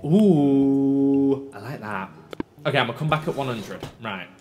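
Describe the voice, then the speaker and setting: A man hosting a video game let's play, chatting to himself in an animated, talkative way. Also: medium pitch, a little slow, a little hiss or hum. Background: game music.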